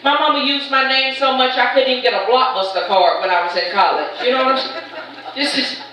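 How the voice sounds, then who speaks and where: A middle-aged woman doing live stand-up comedy. She tells chatty stories and teases the crowd with quick asides. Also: high voice, sharp tone. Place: large event shed with a live audience. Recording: echoey hall, voice from far off.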